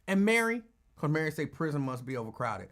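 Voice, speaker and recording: A man hosts a call-in talk radio show in an easygoing, animated way. His voice sits a bit higher than most men's, and he drifts into quick asides. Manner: animated, conversational, drops into asides.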